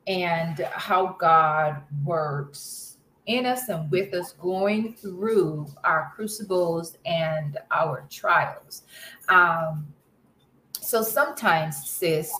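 Woman leading a scripture class, low voice, unhurried, roomy echo. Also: a bit bright, slight background noise. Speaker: Bible study class leader. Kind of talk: conversational Bible study lesson.

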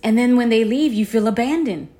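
A woman co-hosting a casual podcast chat, chatty and quick with affirming interjections. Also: on the high side, warm tone.

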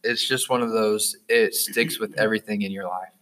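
A teenage boy in a casual chat, earnest and soft-spoken, with a calm, unhurried delivery. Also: on the low side, a little hiss or hum, low-quality recording. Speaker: podcast host.

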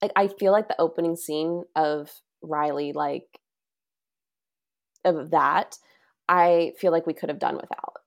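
A woman's voice: sits low, steady tone, unhurried, long pauses. A woman co-hosting a podcast, talking casually in a rambling way with lots of "like". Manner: rambling, heavy use of "like". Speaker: podcast co-host. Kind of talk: casual chat.

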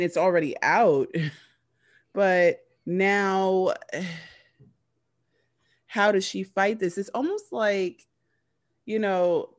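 A woman casually recapping a TV show, rambling with lots of fillers and restarts. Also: on the low side.

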